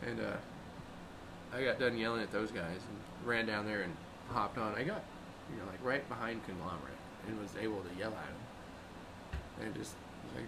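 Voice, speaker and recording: A man's voice: lowish voice, moderate pace, creaky. A young man, a river rafting guide, telling stories in casual chat and acting out the people he quotes. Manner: animated, acts out quoted people with raised voice. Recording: noisy background hum.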